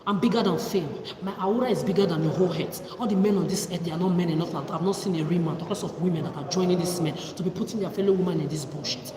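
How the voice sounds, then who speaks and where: A woman's voice: on the low side, fast, crowd noise. A woman ranting on a livestream, confrontational and accusing, firing off rhetorical questions. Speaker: livestream host. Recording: echoey room from far off with loud background noise.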